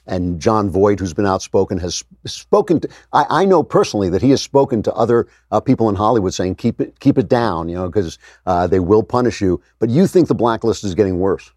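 A middle-aged man interviewing a guest in a political talk, thoughtful and halting, with many fillers. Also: low-pitched, a little mellow, no echo, studio quality.

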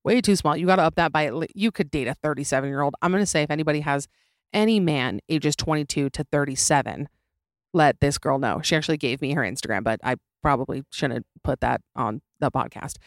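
A woman's voice: low voice, quick pace, dry recording. A young woman hosting a comedy podcast, talking in an opinionated, sarcastic way and laughing easily, recorded close in a small room. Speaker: podcast host. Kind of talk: casual comedic podcast monologue.

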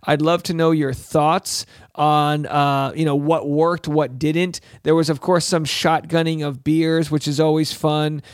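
Man, show host, casual rambling recap, slightly high voice, dry close sound. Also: little pitch movement, measured pace, smooth, no room sound. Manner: chatty, rambling, acts out quotes in put-on voices. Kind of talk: casual reality-TV recap monologue.

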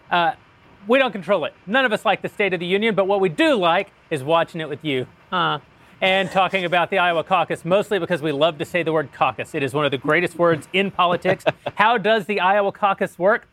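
A man's voice: fairly high pitch, fairly bright tone. Wry joking male podcast host. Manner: wry, joking, chuckles often. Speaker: show host reading an ad. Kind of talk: casual podcast banter.

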